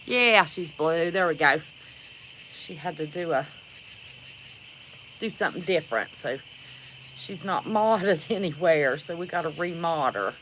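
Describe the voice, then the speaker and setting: Slow-talking woman livestreaming. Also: fairly low pitch, slight background noise, poor audio. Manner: chatty, greets viewers warmly, calls them honey. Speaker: livestream host. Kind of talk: casual livestream chat.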